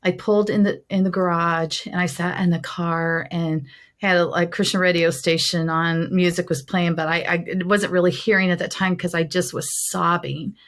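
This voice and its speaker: Middle-aged woman telling her faith story, earnest heartfelt, bit low voice. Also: flat delivery, moderate pace. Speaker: guest sharing her testimony. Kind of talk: personal testimony in an interview.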